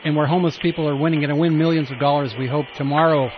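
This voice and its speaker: A man's voice: fairly high pitch, fairly even intonation, racing. A male radio host taking a call, patient and dry, often stumbling as he starts his sentences. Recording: dull lo-fi radio audio with faint noise.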